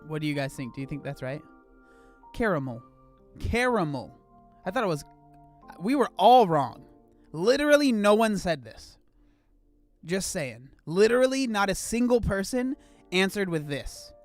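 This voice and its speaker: A man live-streaming in a casual chat, animated and incredulous as he talks to his viewers. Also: high-pitched, moderate pace, faint music behind.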